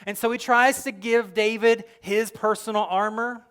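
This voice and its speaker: High-voiced man preaching with animated storytelling. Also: moderate pace, smooth. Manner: animated storytelling, acting out quoted lines; earnest, direct address to listeners. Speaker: pastor. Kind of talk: sermon.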